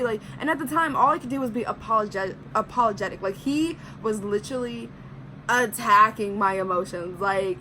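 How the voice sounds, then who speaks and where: A woman's voice: mid-range voice, normal speed, sharp tone, slight background noise, poor audio. A young woman vlogger chatting through a personal story, full of "like" and acting out what people said. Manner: chatty, heavy use of "like", acts out quotes. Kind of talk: casual storytime.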